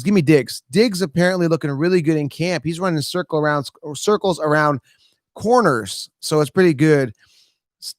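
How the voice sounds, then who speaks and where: A man's voice: fairly high pitch, no room sound, clean studio sound. A man hosting a live fantasy football Q&A stream, talking energetically and hyping up his viewers. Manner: energetic, fast, hypes listeners up. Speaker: fantasy football advice host.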